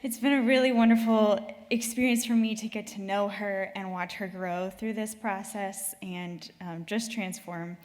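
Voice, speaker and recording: A woman's voice: mid-range voice, steady tone. A woman coach introducing a speaker at an event, with some filler words. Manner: warm, slightly halting with fillers. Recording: reverberant hall.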